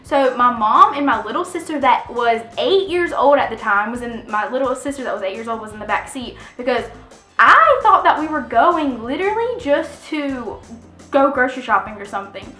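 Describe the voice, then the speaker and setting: A young woman telling a story on her vlog, animated and laughing often, with many "like" fillers. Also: on the high side, normal speed, reverberant, faint music behind. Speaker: vlogger. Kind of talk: casual storytime.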